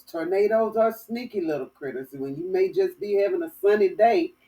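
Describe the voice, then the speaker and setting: Woman, from Florida, casual storytelling monologue, folksy, mellow, recorded from a distance. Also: medium pitch. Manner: chatty, animated storytelling with folksy phrasing. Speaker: dating talk host.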